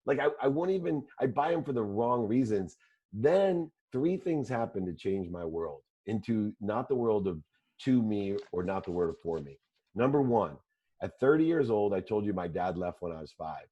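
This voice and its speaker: Male guest, low mellow voice, animated storyteller, dull lo-fi recording. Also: normal speed, husky. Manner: animated storyteller, leans on repeated phrases. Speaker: interview guest. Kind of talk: personal storytelling in conversation.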